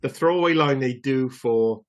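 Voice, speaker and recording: A man from Wales co-hosting a casual film podcast, laughing easily and jumping in quickly. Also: mid-range voice. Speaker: podcast co-host.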